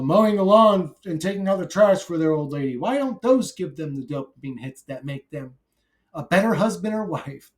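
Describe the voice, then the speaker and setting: A man ranting alone to camera in a vlog, brash and profane, swinging from shouted outbursts to low mumbled asides; he says he is high while filming. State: intoxicated. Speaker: YouTuber.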